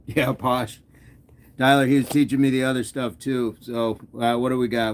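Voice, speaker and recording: A man's voice: medium pitch, fairly even intonation, moderate pace, long pauses. A man hosting a fitness livestream, casually reading viewers' comments aloud and chatting back with an easygoing, laughing manner.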